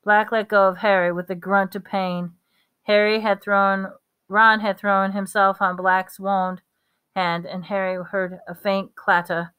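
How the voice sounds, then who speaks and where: A woman's voice: mid-range voice, level tone, unhurried, fairly bright tone, smooth. A woman reading a novel aloud, now and then stumbling and correcting her words. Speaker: reader.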